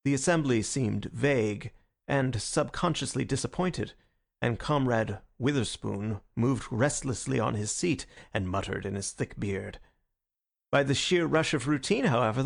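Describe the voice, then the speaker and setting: A man narrating an audiobook in a measured storytelling manner. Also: mid-range voice, vocal fry. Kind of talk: scripted narration.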